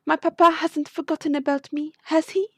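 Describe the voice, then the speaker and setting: A woman's voice: sits high, little pitch movement, normal speed, dry recording, pitched above the performer's own voice. A woman voicing a pampered young noble cat lady, prim and genteel, reading for a video game.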